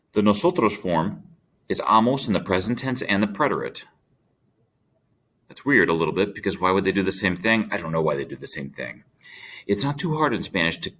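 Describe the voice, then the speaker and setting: Male teacher, low voice, patient recorded grammar lesson for students. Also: fairly bright tone. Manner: patient, explains step by step to students. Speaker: Spanish teacher.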